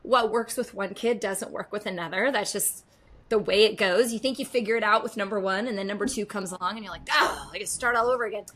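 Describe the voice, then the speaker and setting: A middle-aged woman speaks in an emphatic, conversational way and hammers home points by repeating phrases. Her voice sits at a middle pitch. She talks like a guest in a relaxed interview. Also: fast. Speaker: podcast guest.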